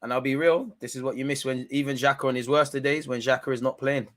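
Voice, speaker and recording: Animated man reacting to football. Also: mid-range voice, fast. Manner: animated, shouts at the referee, slangy banter. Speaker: football watchalong host. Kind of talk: live match reaction commentary.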